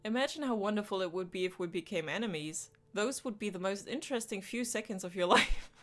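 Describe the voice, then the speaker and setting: This is a woman reading an ancient male demon king from a visual novel. He is grandiose and flirtatious, and his speech is flowery, theatrical and teasing. The voice sits at an ordinary, middling pitch. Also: expressive, a little fast, natural voice. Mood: sly.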